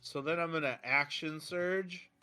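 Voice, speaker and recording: Bright-voiced man at a tabletop game. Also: fairly high pitch, steady tone, unhurried, soft background music. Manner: describing his character's actions. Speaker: player.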